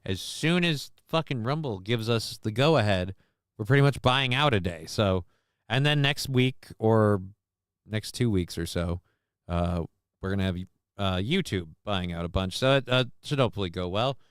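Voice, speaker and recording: A man's voice: on the low side, animated, normal speed, clean tone, no echo, studio quality. A man hosting a casual livestream, rambling, cursing and making sarcastic asides while reading chat messages. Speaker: livestream host.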